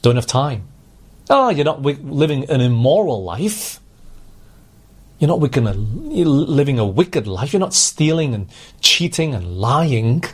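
A man's voice: medium pitch, very animated, unhurried, breathy edge. A man preaching a sermon, earnestly putting questions to his congregation.

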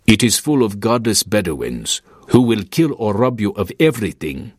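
A man's voice: fairly low pitch, sing-song, moderate pace, breathy edge, dry recording, clean studio sound. A man reading the part of a stern desert tribesman who gives a warning.

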